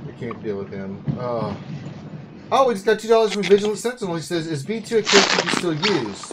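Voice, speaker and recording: A man hosting a casual livestream chat, telling stories in an excitable way and laughing often. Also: medium pitch, heavy background noise. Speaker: host.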